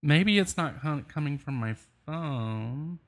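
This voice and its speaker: A man's voice: on the high side, lively intonation, slow pace. A man co-hosting a live show in casual banter, fumbling and exasperated while sorting out tasks. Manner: flustered, fumbling, exasperated asides.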